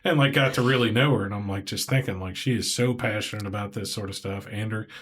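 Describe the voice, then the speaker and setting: This podcast host talks fast in a lowish voice with a Southern US accent. His casual interview chat is rambling and animated, full of acted-out quoted voices.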